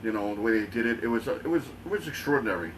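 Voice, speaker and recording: A man's voice: medium pitch, lively intonation, very fast. A middle-aged man, chatting casually as a podcast co-host, profane and reminiscing. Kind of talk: casual chat. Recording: slightly distant mic, faint noise.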